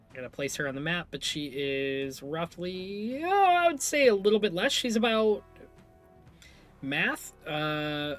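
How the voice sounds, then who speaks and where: A man with a slightly high voice runs a tabletop game as its game master. He narrates the scene loosely, breaking off and restarting with fillers as he goes, with faint music playing underneath. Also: a bit bright.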